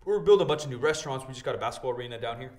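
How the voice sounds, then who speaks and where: A man's voice: mid-range voice, very fast. A young man co-hosting a podcast, telling a story in casual chat and acting out the people in it, laughing and cursing as he goes. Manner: animated storyteller, mimics others in his anecdotes. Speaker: podcast co-host.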